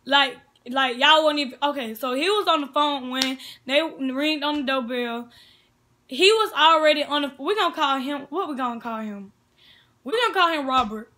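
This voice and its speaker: A woman's voice: high-pitched, normal speed, sharp tone. A young woman, chatting casually and animatedly retelling events with quoted dialogue. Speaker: sister of the vlogger. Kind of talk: casual chat.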